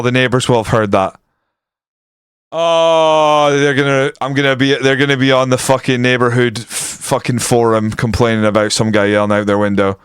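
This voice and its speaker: A young man streaming a football management game, swearing constantly and yelling at the match from a room at home. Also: medium pitch, smooth, dry recording, clean studio sound. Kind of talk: live game-stream commentary. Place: room at home with window open.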